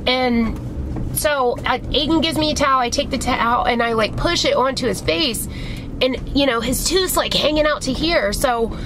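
A woman's voice: high voice, normal speed, noisy background. A woman vlogger telling a long story in casual chat, rambling and swearing a lot. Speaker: beauty vlogger.

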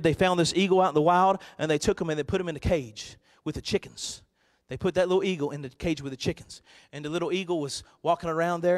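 High-voiced man preaching a sermon. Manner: swings from quiet storytelling to shouted, sung-out preaching. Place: church sanctuary.

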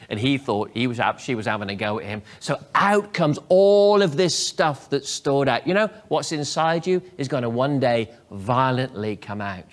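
A man, a pastor preaching a sermon. He acts out quoted prayers and dialogue with lively swings in delivery. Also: mid-range voice.

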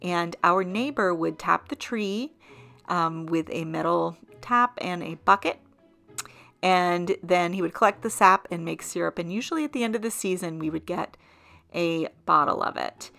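A woman from southern Vermont hosts this vlog in an informative voice-over. Her voice sits low with a gravelly fry, and soft music plays underneath. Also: moderate pace. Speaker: vlog host. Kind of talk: scripted voice-over narration.

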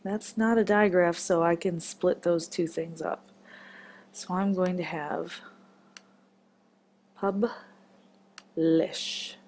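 A woman's voice: lowish voice, fairly even intonation, extremely slow, pauses often, darkish tone. A woman teaching a children's phonics lesson, patient and encouraging as she marks words step by step.

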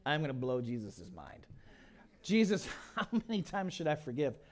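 A man's voice: on the high side, big pitch swings, normal speed. A man voicing a cocky young apostle who is showing off, in a smug, boastful way.

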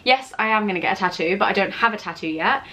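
A teenage English girl talks straight to her camera in a relaxed Q&A vlog. She rambles, giggles and wanders off topic. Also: medium pitch, quick pace. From England. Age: teens. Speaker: vlogger. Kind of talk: casual Q&A vlog. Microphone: camera mic with ring light setup.

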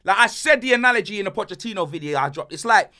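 Podcast host, high animated voice, slangy fuming rant. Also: male voice, racing. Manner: animated, slang-heavy ranting. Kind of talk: casual banter podcast rant.

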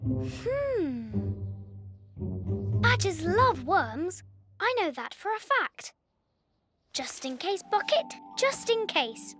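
A performer voicing a cheeky young rabbit in a cartoon, slowly plotting a trick. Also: very high-pitched, big pitch swings, exaggerated voice. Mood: scheming. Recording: cartoon soundtrack with music.

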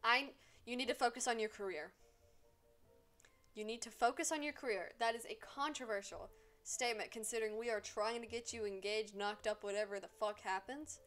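Excitable swearing woman streamer. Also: on the high side, fairly quick, faint music behind. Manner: excitable, swears a lot, scolds game characters. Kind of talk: casual live gameplay commentary.

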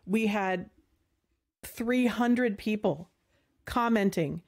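A woman hosting a faith show, speaking heartfelt and emotional, halting and near tears at times. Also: mid-range voice. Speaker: podcast host. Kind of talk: heartfelt faith talk to listeners.

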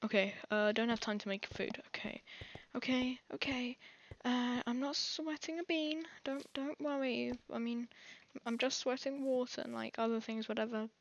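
An English woman who hosts a gaming channel commentates live over her own play in a fairly high voice at a moderate pace, with few pauses and the highs cut off. She rambles jittery, punctuated by panicked exclamations.

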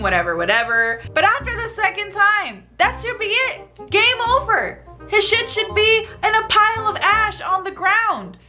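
A young woman in her twenties answering viewer questions in a casual vlog, talking in a blunt, profane and sassy way with lots of rhetorical questions. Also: bright, forceful tone. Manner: rhetorical questions and swings of pitch. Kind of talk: casual chat.

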